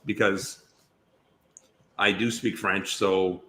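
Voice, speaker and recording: Deep-voiced and slow, this man delivers his words flatly with a bright, forceful tone, and there's a little hiss or hum in the recording. He's an actor appearing as a podcast guest, casually chatting and spinning long, meandering tales with many restarts.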